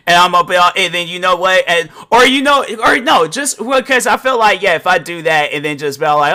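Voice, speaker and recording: Rambling, animated male advice podcaster. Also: high-pitched, brisk, hardly any pauses, smooth. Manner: rambling, animated, restarts and self-corrections; petty playful storytelling. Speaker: podcast host.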